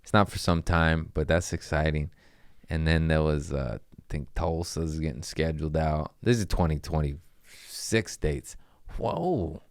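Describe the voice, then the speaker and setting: A man's voice: extremely low pitch, fairly even intonation, a little slow, clean tone, dry recording, clean studio sound. A man hosting a comedy podcast, rambling through crude, jokey stories in a casual monologue.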